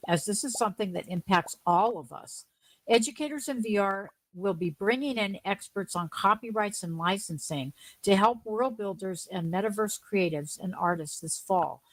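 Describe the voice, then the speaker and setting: A woman's voice: fairly low pitch, dry recording, poor audio. A woman co-hosting a community news stream, reading scripted updates in an earnest, friendly manner. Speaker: co-host.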